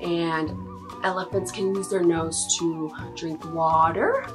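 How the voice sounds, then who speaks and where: A woman's voice: fairly low pitch, fairly even intonation, slow, over music. A woman in her thirties leading a toddler circle-time lesson, switching between English and Spanish and making playful animal sounds. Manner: sing-song, exaggerated animal sounds and sneezes. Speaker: preschool teacher.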